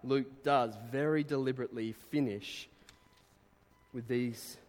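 Preacher with a ringing hall reverb. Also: male voice, medium pitch, a little slow. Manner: reads quotes aloud, bursts into animated exclamations. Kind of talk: sermon.

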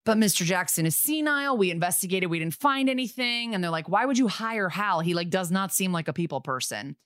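Low-voiced woman recapping with sarcastic asides. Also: animated, a little fast, a bit bright, no room sound, studio quality. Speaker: podcast co-host recapping an episode. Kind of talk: casual chat.

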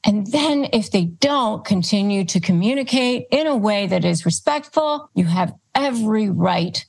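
A woman giving calm, step-by-step advice as a guest expert, speaking in a steady, instructive way. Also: medium pitch, measured pace, vocal fry. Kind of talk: advice talk, listing tips.

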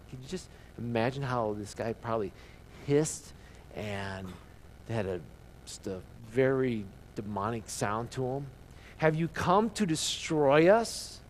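A man preaching a sermon as pastor, earnest, asking the listeners questions and dropping to a hushed voice for emphasis. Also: mid-range voice, rough recording.

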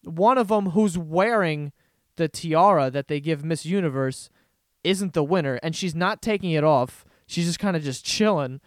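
A man's voice: a little high, moderate pace, dry recording, clean studio sound. A man hosting a solo podcast, telling stories in a rambling, profane, laughing way. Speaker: podcast host. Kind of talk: casual solo podcast rant.

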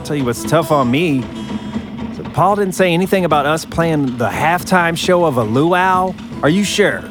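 A man's voice: fairly high pitch, animated, normal speed, natural voice. An actor playing a teasing former band member who laughs at his friend, in an audio drama. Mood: bantering. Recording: music bed underneath.

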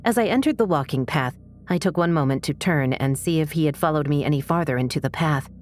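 A woman narrating a first-person true story in a measured, tense storytelling manner. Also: low-pitched, a little hiss or hum.

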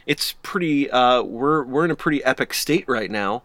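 A man's voice: medium pitch, expressive, moderate pace, a bit bright, no room sound. A young man co-hosting a podcast, telling stories in casual chat, laughing and acting out quotes. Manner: laughing storyteller, acts out quotes. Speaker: podcast co-host.

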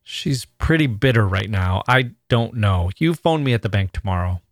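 Guy doing tired curt brother-in-law, low, short answers. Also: lively intonation, normal speed, no room sound, clean studio sound. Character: curt, weary brother-in-law protecting his wife.

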